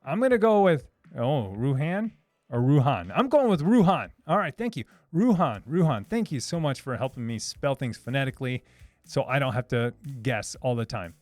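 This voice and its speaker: A man's voice: medium pitch, lively intonation, normal speed, a little mellow, no room sound, clean studio sound. A man hosting a casual live stream, answering chat questions in a hesitant, restarting way. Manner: hesitant, many restarts, reads chat aloud.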